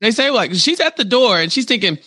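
A man's voice: high-pitched, very animated, brisk, pushed and bright, dry recording, clean studio sound. A man co-hosting a casual chat, animatedly retelling a show and acting out quotes in playful voices. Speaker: podcast co-host.

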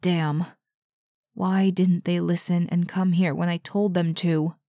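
Woman reader doing a bossy impatient guy, clipped orders, lowish, dry sound. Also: little pitch movement, takes it slowly, dark tone, dry recording. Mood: urgent. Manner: curt, clipped commands. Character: urgent, impatient man in charge. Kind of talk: audiobook narration.

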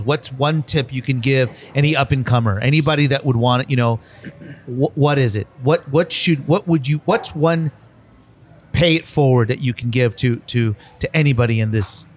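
A man hosting a casual workplace podcast, telling stories in an animated way and often repeating words as he talks. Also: medium pitch, normal speed, slight background noise. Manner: animated storyteller, repeats words, says bro. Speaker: podcast host. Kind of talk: casual conversation.

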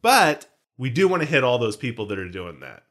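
A man's voice: medium pitch, very animated, a little fast, fairly bright tone. Joking, rambling male podcast host. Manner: joking, rambling, throws in pop-culture references. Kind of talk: casual chat.

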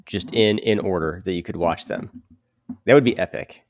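A man's voice: sits low, normal speed, a little hiss or hum. A man who is a priest chatting casually on a podcast, easygoing and chatty.

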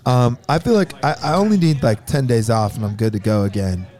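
A man's voice: medium pitch, fairly quick, darkish tone. A man co-hosting a casual backstage podcast with his bandmates, rambling with lots of fillers and restarts. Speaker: band member and podcast co-host.

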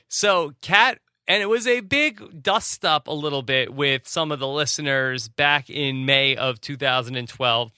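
A man's voice: medium pitch, bright, forceful tone, clear, resonant tone, no room sound, studio quality. A man hosting a podcast, talking in a conversational, explanatory way. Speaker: podcast host. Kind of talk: podcast monologue.

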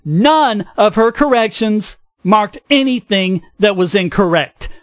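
A man's voice: high voice, lively intonation, unhurried, no echo, clean studio sound. A man hosting his podcast, delivering scripted opinion commentary in a sarcastic, ranting manner. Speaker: podcast host.

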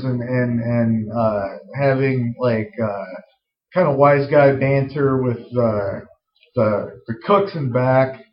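A man casually pitching a film scene, rambling with lots of fillers and some swearing. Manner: rambling, full of "like" and "uh", profane. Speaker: screenwriter pitching a story. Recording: roomy, dull lo-fi recording.

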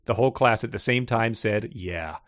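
Man, podcast co-host, casual book chat, laughs a lot, medium pitch, dry close sound. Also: little pitch movement, brisk, dry recording. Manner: laughs often, amused, trails off in restarts.

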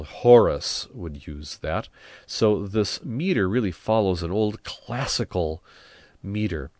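A soft-spoken man teaching, reading a Latin hymn aloud and explaining its meter in a measured way. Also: low-pitched, no echo.

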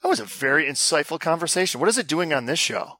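A man's voice: on the high side, sing-song, fast talker, sharp tone, no room sound. A man co-hosting a casual podcast, loose and joking, swearing freely. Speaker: podcast co-host. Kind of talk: casual chat.

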